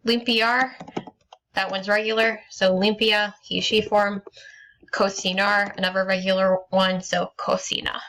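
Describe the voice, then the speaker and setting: A woman teacher talks through a recorded lesson at a middling pitch. Her tone is bright and crisp, and she moves step by step with frequent ums and small restarts. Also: level tone, measured pace. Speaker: Spanish teacher.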